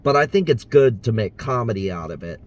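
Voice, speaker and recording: A man's voice: mid-range voice, lively intonation, fairly quick. A man from the US South talking casually in a vlog as an impressionist, hesitant and full of fillers. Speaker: impressionist vlogger.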